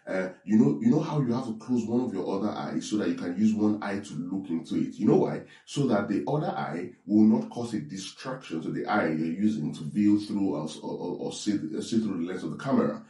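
A man's voice: fairly low pitch, expressive, a little fast, few pauses, mellow. A man preaching an online sermon, restarting and repeating words and often checking in with listeners. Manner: repetitive, keeps asking "right?". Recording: echoey room, distant mic.

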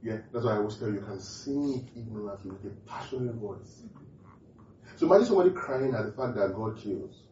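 A man's voice: on the low side, lively intonation, brisk, mellow, slight background noise. A man preaching a sermon, often asking the congregation questions and repeating key phrases for emphasis. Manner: call-and-response questions to the congregation. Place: church hall. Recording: distant, echoey, muffled hall recording.

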